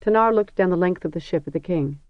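An audiobook narrator reading a fantasy story in a measured, even storytelling manner. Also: medium pitch, dry recording. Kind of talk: scripted narration. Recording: dry, dull lo-fi recording.

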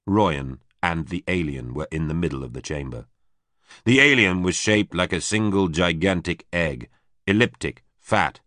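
Low-voiced guy narrating an audiobook, dry close sound, steady and measured. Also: dry recording. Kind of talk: scripted narration.

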